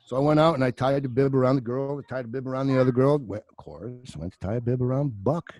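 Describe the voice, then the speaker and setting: A man in his sixties, an actor guest, telling stories in a casual, animated and profane way over a video call. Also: medium pitch, quick pace, few pauses, no echo.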